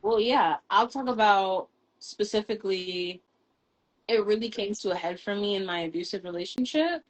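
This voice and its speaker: A woman's voice: mid-range voice, normal speed, poor audio. Frank, casual woman speaking candidly. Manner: frank, swears casually, laughs between thoughts. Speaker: guest. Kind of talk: candid personal conversation. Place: live video stream.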